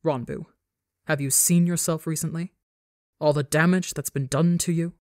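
A woman's voice: deep voice, fairly even intonation, moderate pace, darkish tone, no room sound, studio quality, close to an everyday voice. A woman voicing a cold, contemptuous aristocratic father who coaxes and sneers, in a read-aloud story. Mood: scornful. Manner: coaxing, contemptuous.

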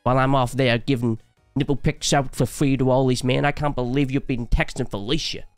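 A man's voice: medium pitch, steady tone, a little fast, smooth, dry recording, faint music behind, close to an everyday voice. A man mimicking a self-absorbed young woman in a mocking, exaggerated way.

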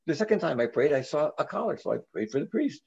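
An older man, a reverend, telling a story in an interview in an earnest way, with frequent halting restarts. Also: on the high side, sing-song, vocal fry, darkish tone, breathy edge, muffled recording.

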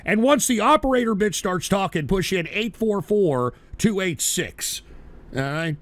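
A man's voice: sits high, animated, unhurried, fairly bright tone, dry recording. A middle-aged man hosting a call-in radio show, ranting crudely and abrasively at callers.

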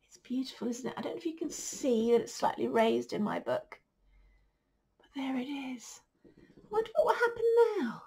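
A woman teacher reading a picture book aloud to children, gentle and slow, sometimes dropping to a soft whisper. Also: a little high.

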